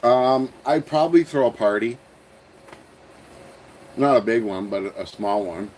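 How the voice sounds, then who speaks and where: Canadian guy from ontario chatting on a livestream, rambly, mumbles off at the end of thoughts, average pitch. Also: unhurried, darkish tone, slight background noise, low-quality recording. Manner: rambling, chuckles at himself, trails off mumbling. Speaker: host of a toy-building channel. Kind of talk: casual livestream chat answering viewers.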